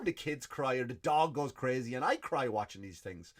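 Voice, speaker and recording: An Irish man hosting a comedy podcast, delivering a profane, animated rant in a stand-up style. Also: mid-range voice, fast talker, hardly any pauses. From Ireland.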